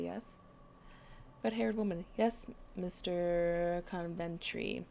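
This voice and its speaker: A woman streams a story-driven game, reading each line of dialogue aloud and tossing in quick asides between them. Her voice sits at a middle pitch and keeps a gravelly vocal fry, and a faint hiss runs under it. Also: animated.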